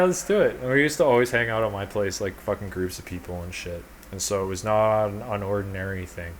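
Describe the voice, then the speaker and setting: A man with a fairly low voice tells a loose, rambling story, swearing freely and keeping a laid-back tone. Faint noise hums behind him. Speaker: podcast co-host. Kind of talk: casual storytelling chat.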